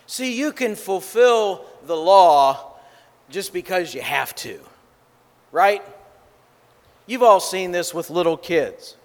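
Male preacher, sermon, slow and deliberate with stressed key words. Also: high-pitched, expressive, long reverb tail. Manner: measured, emphatic delivery.

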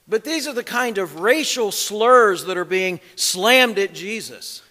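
A man's voice: sits high, expressive, measured pace, sharp tone, big-room sound. A man preaching an expository sermon, emphatic as he reads scripture aloud and explains it.

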